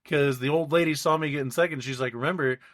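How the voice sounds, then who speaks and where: A man's voice: fairly high pitch, steady tone, fast, a bit bright. A young man spins a rambling story on a podcast in a loose, casual chat. He keeps slipping into the voices of the people he quotes as he goes. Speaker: podcast co-host.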